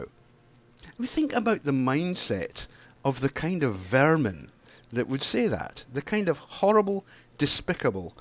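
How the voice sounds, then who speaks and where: A man's voice: medium pitch, dry recording. A man, delivering an angry, heated monologue to camera, sarcastic and swearing freely. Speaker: video blogger.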